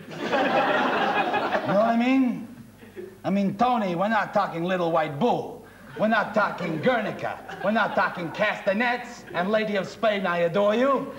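A man's voice: high voice, lively intonation, measured pace, crowd noise. A man playing a brash, impatient old American conductor in his sixties who scolds and mocks in bursts, in a comic sketch. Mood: bossy. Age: 60s. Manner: bossy, scolding, mocking outbursts. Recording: echoey stage with audience laughter.

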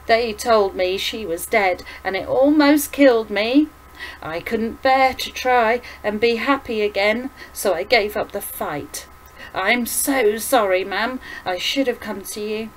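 A woman's voice: fairly high pitch, unhurried, a little hiss or hum, lightly acted, low-quality recording. A woman reading aloud and voicing a nervous young man who speaks politely and stammers with regret. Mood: anxious. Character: nervous, shaken young man, apologetic son.

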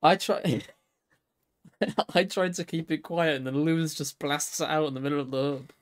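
A man's voice: fairly high pitch, normal speed, no room sound, clean studio sound. A young man on a casual gaming livestream, joking and bantering playfully with a friend. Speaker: streamer.

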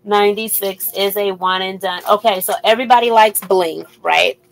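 A woman's voice: mid-range voice, fairly even intonation, moderate pace, creaky, a little hiss or hum, rough recording. A woman hosting a live jewelry sale, chatting casually and repeating item numbers as she shows each piece. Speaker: live-stream jewelry seller. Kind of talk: casual live sales chat.

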